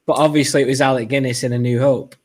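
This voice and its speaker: A man's voice: medium pitch, steady tone, fast talker, darkish tone. A man co-hosting a casual podcast chat, explaining his views at length in a thoughtful way. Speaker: podcast co-host.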